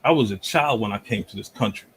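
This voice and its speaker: A man from Jamaica arguing forcefully in a heated online debate, pushing through interruptions. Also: on the low side, quick pace, slight background noise, low-quality recording. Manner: forceful, repeatedly talks over interruptions.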